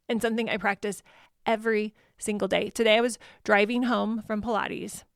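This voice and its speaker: Woman, podcast host, heartfelt and reflective solo talk, mid pitch, dry recording. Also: creaky, no room sound. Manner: earnest, heartfelt, self-correcting.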